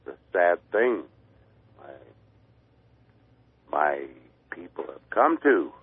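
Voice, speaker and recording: Older man, caller, low husky voice, slow, tinny phone line. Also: sing-song. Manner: gruff, blunt.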